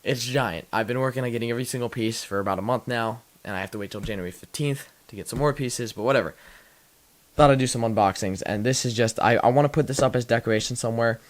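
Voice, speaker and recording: A man's voice: mid-range voice, quick pace. A young man hosting a casual tech unboxing vlog, rambling and self-deprecating with many restarts, a little out of breath. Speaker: tech channel host.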